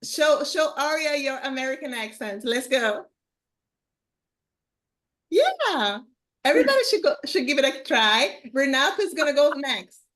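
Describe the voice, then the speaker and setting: High-voiced woman hosting a lively class. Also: a little slow. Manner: lively, teasing, calls on people by name. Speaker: host of an English conversation class. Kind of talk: casual online group chat.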